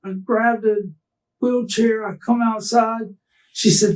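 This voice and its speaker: A man's voice: high-pitched, fairly even intonation, distant mic, poor audio. Distraught man in a police interrogation. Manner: halting, distraught, restarting sentences. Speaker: murder suspect under interrogation.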